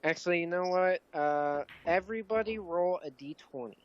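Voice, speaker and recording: A young man narrating a tabletop game as game master, rambling and halting with many fillers. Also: high voice. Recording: dull lo-fi mic with faint hiss.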